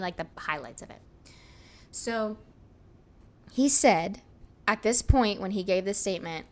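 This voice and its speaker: A young woman co-hosting a casual podcast, telling a story in an animated way with lots of fillers and laughter. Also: medium pitch. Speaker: podcast co-host.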